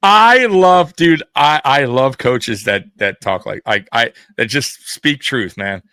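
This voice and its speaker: A man hosting a casual sports talk show, profane and quick to laugh. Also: mid-range voice, bright, forceful tone, smooth, no echo. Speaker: podcast host.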